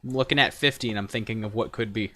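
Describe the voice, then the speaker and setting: Bright-voiced young man rambling on stream. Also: on the low side, quick pace. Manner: rambling, joking, many fillers. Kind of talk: casual gaming stream chat.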